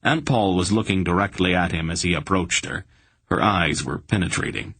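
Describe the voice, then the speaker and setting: A man narrating an audiobook in a steady, measured storytelling manner. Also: low voice, breathy edge, dry recording. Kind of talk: scripted narration.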